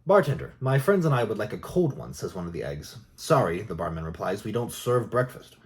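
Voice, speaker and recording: Man reading jokes in soft ASMR style. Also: on the low side, big pitch swings, a little fast. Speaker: joke reader.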